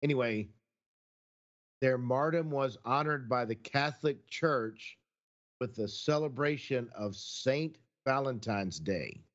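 A man's voice: medium pitch, lively intonation, a little slow, dull audio. A married man co-hosting a podcast, talking in a rambling, folksy, reflective way in casual chat. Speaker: podcast co-host.

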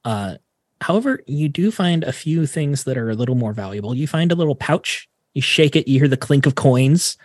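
A man narrating as game master in a tabletop game, in a relaxed, chatty way with plenty of fillers. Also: medium pitch, normal speed, no echo, clean studio sound.

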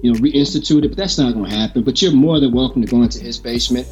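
A man's voice: medium pitch, rapid-fire, a little mellow, soft background music. A male co-host giving a scathing political monologue in a cutting, sarcastic, mocking way.

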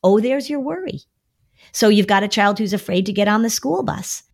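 A middle-aged woman therapist talks on a podcast, with a steady, coaching delivery at a middling pitch. She is animated and now and then leaps into a high, whiny voice to mimic a kid. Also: normal speed, creaky. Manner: animated, acts out worried kids in a high voice. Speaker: anxiety therapist and podcast co-host. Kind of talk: podcast conversation.

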